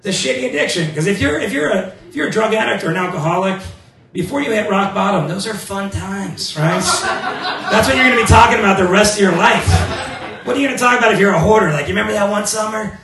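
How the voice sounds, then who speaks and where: Gravelly man doing stand-up. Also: sits high, animated, quick pace, a bit bright, reverberant, recorded from a distance. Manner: crude, self-mocking, swears often. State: voice going hoarse. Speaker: stand-up comedian. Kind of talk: stand-up set. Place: comedy club stage.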